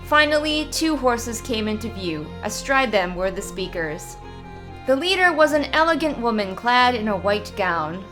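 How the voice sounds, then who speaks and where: A woman reading a fantasy short story aloud in a steady, measured narrating voice. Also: fairly high pitch. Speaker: story reader.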